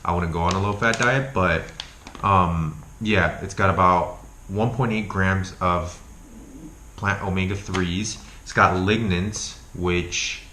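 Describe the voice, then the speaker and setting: Deep-voiced, profane young man vlogging. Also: slow pace. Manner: profane, animated, lots of filler words. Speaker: health vlogger. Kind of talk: casual vlog rant and talk. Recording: echoey room with faint noise.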